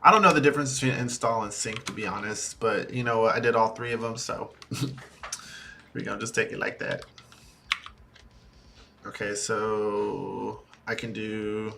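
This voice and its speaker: A man streaming a quiet coding study session, talking to himself in halting bits as he works. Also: on the low side, fairly even intonation, creaky, background noise. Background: soft music and keyboard typing.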